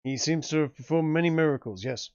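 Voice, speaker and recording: A man voicing a friendly male frontier sheriff with a put-on old-time American accent, drawling and halting. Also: a little high, a little mellow, clean tone, no echo, lo-fi sound, natural voice. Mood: welcoming.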